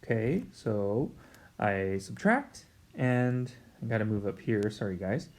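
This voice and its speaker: Very animated yet slow, with a lowish, darkish voice, a male math teacher works through a whiteboard lesson on a recording. His style is casual and conversational; he addresses students directly and pokes fun at his own mistakes.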